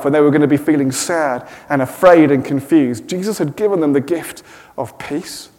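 A middle-aged man giving a sermon, with gentle self-deprecating humour. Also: on the high side, big-room sound. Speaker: preacher. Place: church.

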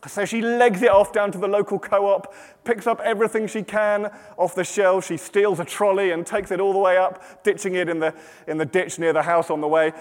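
A British man preaching a sermon, telling a story in a lively way and then dropping to hushed, slow dramatic pauses. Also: sits high. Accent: British English. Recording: long hall reverb.

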